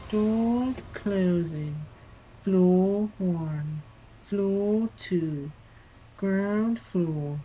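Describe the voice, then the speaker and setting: A streamer doing an impression of a calm automated British lift announcement voice, speaking slow, evenly spaced phrases. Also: mid-range voice, a little hiss or hum, voice pushed up, poor audio.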